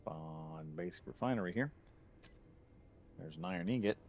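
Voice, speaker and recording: A man's voice: low-pitched, moderate pace, gravelly, darkish tone, highs cut off, a little hiss or hum. A man streaming a game, chatting casually and rambling off on tangents with frequent laughs. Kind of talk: casual live gameplay commentary.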